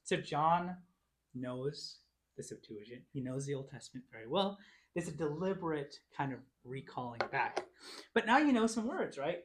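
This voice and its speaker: Picture a man at the front of a church classroom, walking students through unfamiliar words syllable by syllable. His pitch swings widely and he praises each try. The pace is patient and clear. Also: sing-song. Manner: encouraging, sounds out words slowly. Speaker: Bible class teacher. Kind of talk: classroom teaching.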